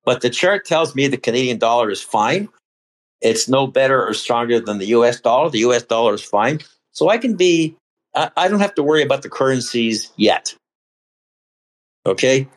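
A man of ordinary pitch talks as a podcast guest, walking through charts in a loose, chatty way. He often stops to restart or correct himself mid-sentence before pressing on with his point. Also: animated, normal speed, rough recording. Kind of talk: casual explanation of market charts.

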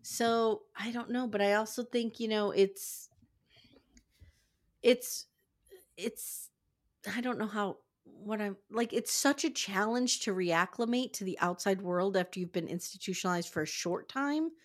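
A woman's voice: mid-range voice, a little slow. Chatty woman co-hosting a recap podcast. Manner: chatty and rambling, swears casually. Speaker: podcast co-host. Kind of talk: casual recap chat.

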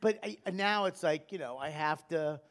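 A middle-aged man, telling profane stories loudly in casual podcast chat. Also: fairly high pitch, normal speed. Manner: loud, profane, animated storytelling. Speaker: guest comedian.

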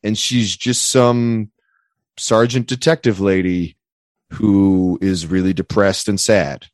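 A man's voice: deep voice, steady tone, slow, dry recording, clean studio sound. A man in casual podcast chat, rambling and joking with lots of restarts. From Pennsylvania area. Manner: rambling, jokey, restarts and stumbles. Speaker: podcast co-host.

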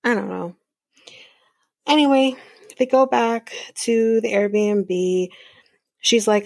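Woman podcast host, rambling casual recap, husky fry, no room sound. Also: mid-range voice, steady tone, measured pace, pauses often, a little mellow, no room sound, studio quality. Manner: chatty, rambling, many fillers and asides.

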